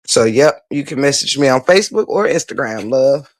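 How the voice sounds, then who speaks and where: A woman's voice: rumbling low, lively intonation, moderate pace, no echo, clean studio sound. A woman hosting a livestream, ranting bluntly and profanely while answering viewer comments, repeating her points for emphasis. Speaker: livestream host.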